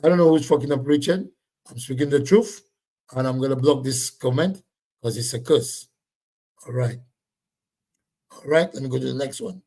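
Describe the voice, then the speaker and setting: A man hosting a casual livestream, reading viewer comments and scolding them in a loud, blunt, repetitive way. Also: medium pitch, moderate pace, pauses often, slightly rough.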